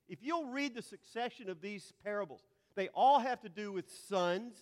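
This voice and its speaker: Man, high voice, preacher, teaching sermon, repeats words, emphatic peaks, long hall reverb. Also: expressive, normal speed, hardly any pauses.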